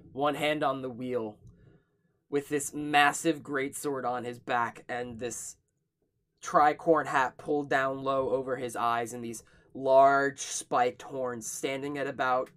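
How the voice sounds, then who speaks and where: A man narrating a tabletop game as game master, describing scenes at length and often pausing on fillers. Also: mid-range voice, a bit bright.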